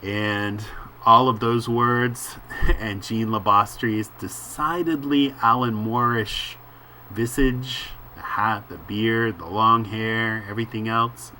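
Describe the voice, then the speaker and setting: A man reading a comic book aloud and musing over the panels in an unhurried way, with frequent filler words. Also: fairly low pitch, fairly even intonation, pushed and bright, slight background noise. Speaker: comic book reader and commentator.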